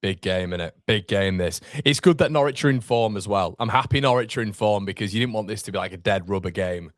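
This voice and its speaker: A man's voice: fairly low pitch, fairly quick, dry recording, studio quality. A young man with a Yorkshire accent hosting a live football watchalong, reading viewer comments aloud and bantering casually. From Northern England.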